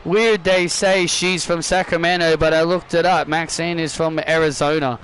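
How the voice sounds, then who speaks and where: A man commentating his own wrestling video game matches with excitable play-by-play, often restarting his sentences and shouting at the big moves. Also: on the high side, moderate pace, a little hiss or hum. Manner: frequent restarts and self-corrections, bursts of shouting at big moves.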